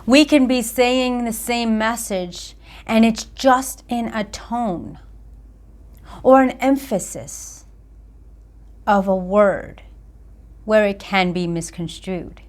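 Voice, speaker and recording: A woman accountability coach giving a motivational talk to camera, with deliberate, emphatic phrasing. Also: on the high side.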